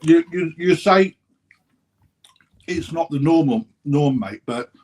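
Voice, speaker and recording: A man's voice: on the high side, lively intonation, takes it slowly, darkish tone. An English man guesting on a casual live chat, friendly and bantering, with hesitant restarts and frequent "mate". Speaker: guest, koi dealer.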